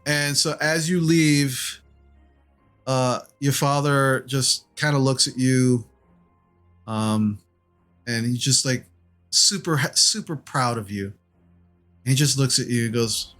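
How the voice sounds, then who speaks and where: A man narrating as game master of a tabletop game, relaxed with many fillers. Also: mid-range voice, slow pace, pauses often, faint music behind.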